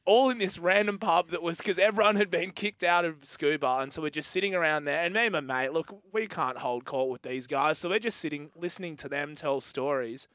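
A man's voice: a little high, fairly quick, few pauses, fairly bright tone, no room sound. A man co-hosting a radio show, rambling through an anecdote. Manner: rambling anecdote, laughs easily. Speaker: radio co-host. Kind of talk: casual radio banter.

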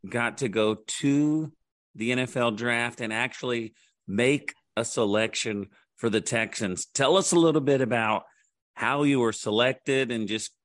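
A man's voice: mid-range voice, a little slow, a bit bright, dry recording, studio quality. A man co-hosting a sports podcast, asking the guest easygoing questions. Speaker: podcast co-host.

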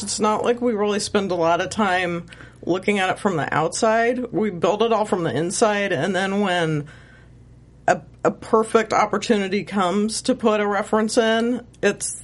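A woman's voice: medium pitch, moderate pace. A woman, a writer on the show, chatting as a guest, thoughtful and often laughing, with many restarts. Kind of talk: casual chat.

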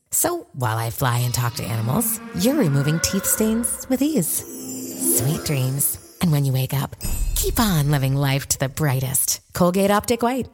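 A woman voicing a soft-spoken inner dream monologue in a scripted ad read, breathy, with a faint music bed behind. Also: low-pitched. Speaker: ad voice-over.

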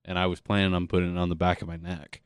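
A man's voice: deep voice, level tone, racing, clear, resonant tone, no echo, studio quality. Joking man in casual chat. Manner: joking interjections, crude quips.

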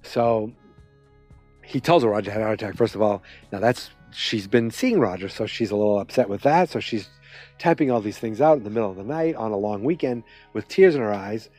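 A man casually recapping a TV episode, rambling and animated, with lots of fillers and restarts. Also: fairly low pitch, brisk, soft background music.

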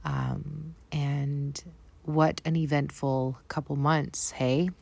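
Canadian woman, Canadian accent, deep steady voice, earnest spiritual vlog chat. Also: a little slow. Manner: earnest, affirming, spiritual phrasing. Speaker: spiritual vlogger. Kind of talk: casual spiritual vlog talk.

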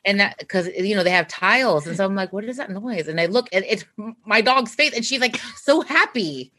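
A woman's voice: mid-range voice, moderate pace. A young woman co-hosting a podcast, telling a story in a rambling, chatty way with lots of fillers. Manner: rambling, lots of "like", animated retelling. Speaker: podcast co-host. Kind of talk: casual storytelling chat.

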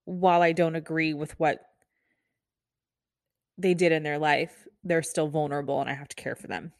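A young woman hosting a solo podcast talks in a candid, rambling way, full of "like" and restarts. Her voice sits a little low for a woman. It is recorded close on a podcast mic in a dry room with no echo. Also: fairly even intonation, normal speed. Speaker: nurse and podcast host. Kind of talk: casual solo podcast talk. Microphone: podcast microphone.

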